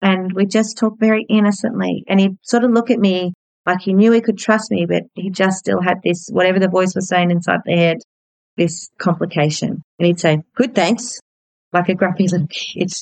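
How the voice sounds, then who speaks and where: Woman, 30s, podcast host; low-ish voice, candid and gentle storyteller, dry booth sound. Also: little pitch movement, brisk, creaky, no room sound, low-quality recording.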